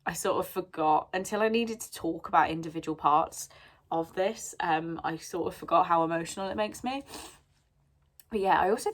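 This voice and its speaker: Chatty young woman, low voice. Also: moderate pace. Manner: chatty, rambling with many ums. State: sneezy. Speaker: book vlogger. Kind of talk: casual chat.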